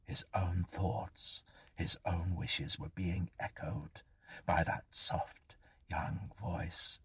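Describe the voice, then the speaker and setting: A deep-voiced man reading a horror tale with a very husky, breathy texture and frequent half-whispers. He moves slowly and lets his pitch rise and fall expressively, and the sound is close and dry. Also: little pitch movement, fairly bright tone. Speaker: storyteller. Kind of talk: scripted horror narration.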